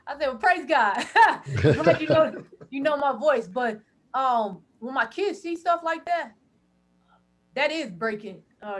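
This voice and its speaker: A woman in her thirties, a podcast guest, telling stories in a loud, animated way with quick laughing asides. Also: sits high. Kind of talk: animated storytelling.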